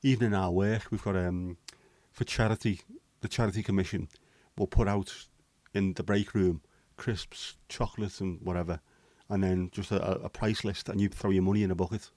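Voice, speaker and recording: A man's voice: deep voice, fairly even intonation, normal speed, hardly any pauses, a little mellow, no echo. A man, hosting a casual livestream chat, bantering with viewers and swearing casually. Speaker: livestream host.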